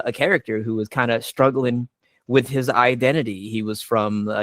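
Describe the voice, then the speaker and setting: A man's voice: medium pitch, dry recording. A young adult man, a voice actor on a panel, telling stories casually with lots of "like" and restarts. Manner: animated, filler-heavy retelling. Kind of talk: casual storytelling.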